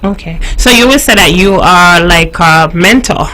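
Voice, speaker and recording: A radio host from Nevis, gently interviewing a guest and encouraging him with soft acknowledgements. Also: mid-range voice, moderate pace, a little hiss or hum, rough recording.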